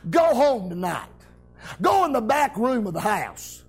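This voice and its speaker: High-voiced hollering preacher man. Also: sing-song, measured pace, gravelly, husky. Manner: hollering, exuberant Southern-style preaching with shouted amens. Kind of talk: revival sermon.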